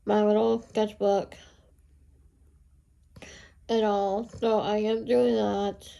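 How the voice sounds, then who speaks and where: A woman chatting casually with viewers while she inks a drawing, rambling and chatty, with a high squeaky voice. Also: little pitch movement, slow, vocal fry, mellow. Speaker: art channel host.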